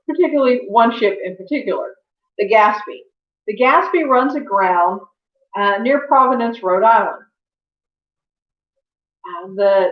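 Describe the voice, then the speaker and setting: A woman giving a history lecture as a teacher, conversational, with fillers and self-corrections. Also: fairly high pitch. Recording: echoey, dull lo-fi room sound.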